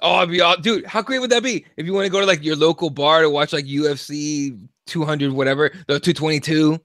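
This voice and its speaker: Animated, profane young man, high voice. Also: fairly quick, no echo. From Mexico. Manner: profane, animated, acts out quotes. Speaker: podcast co-host. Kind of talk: casual opinion chat.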